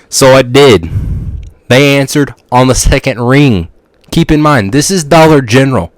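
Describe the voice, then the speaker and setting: A man's voice: medium pitch, lively intonation, a little slow, no echo. Goofy, rambling male podcaster. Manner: goofy, rambling, restarts sentences. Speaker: podcast host. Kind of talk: casual storytelling monologue.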